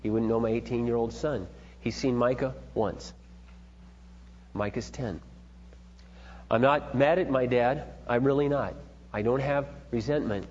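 A man's voice: medium pitch, a little slow, long pauses, big-room sound, lo-fi sound. A middle-aged man giving an earnest, emphatic, preachy talk on parenting, told through personal stories. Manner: earnest, emphatic, building to forceful points. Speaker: parenting speaker.

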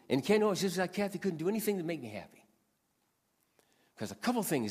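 A man's voice: fairly high pitch, animated, fast, a bit bright. A man in his sixties giving an earnest sermon as pastor, repeating lines for emphasis. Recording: long hall reverb.

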